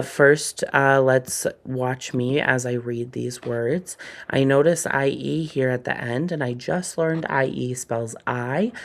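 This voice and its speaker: A man teaching a phonics lesson, slowly and deliberately sounding out words letter by letter. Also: medium pitch, vocal fry.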